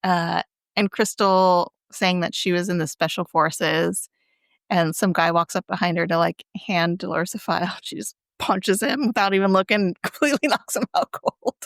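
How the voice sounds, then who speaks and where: A woman recaps a TV episode in easy podcast chat, with a creaky, gravelly edge to her voice. She laughs often and slips into the characters' lines as she goes. The sound is dry and close to the mic. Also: on the low side, moderate pace, no room sound. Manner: laughs often, chatty, acts out quoted lines. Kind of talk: casual chat, recapping a show.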